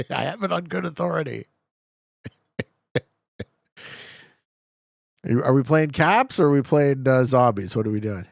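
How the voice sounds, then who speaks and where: A Canadian man streaming a game, bantering loosely with his chat and cursing when a guess goes wrong. His gravelly voice swings widely in pitch as he jokes and reacts. The sound is dry and close, with no room around it. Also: a little slow, pauses often, no echo. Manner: profane, excitable, joking banter with chat. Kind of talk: casual live-stream commentary while playing.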